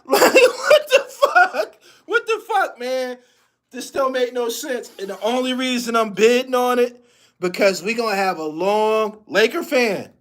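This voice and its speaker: A man hosting a sports podcast, ranting in profane, animated commentary and laughing often. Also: very high-pitched.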